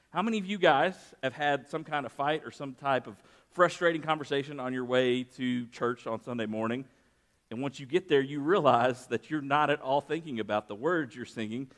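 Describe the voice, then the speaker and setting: A man preaching a sermon, mixing scripture reading with personal stories and raising his voice for emphasis. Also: mid-range voice. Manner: conversational preaching with personal anecdotes, rising for emphasis. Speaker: pastor.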